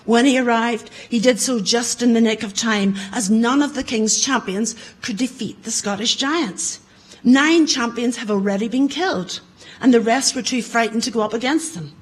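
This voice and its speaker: A woman telling a folktale to an audience in a conference room, growing loud and dramatic in the battle scenes. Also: fairly high pitch, normal speed, breathy edge, poor audio. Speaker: storyteller. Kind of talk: oral folktale storytelling.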